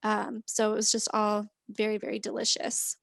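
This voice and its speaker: A woman's voice: medium pitch, monotone, moderate pace, gravelly, dry recording. A woman guesting on a podcast, telling stories in an easygoing, chatty way. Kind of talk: casual conversational storytelling.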